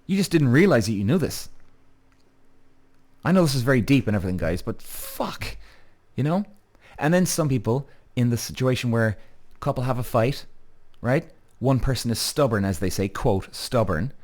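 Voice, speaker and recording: Blunt, swearing podcast host. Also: male voice, mid-range voice, expressive, moderate pace, a little mellow. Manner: blunt, emphatic, acts out quoted voices; repeatedly asks "right?" as a tag. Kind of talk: candid monologue with frequent swearing.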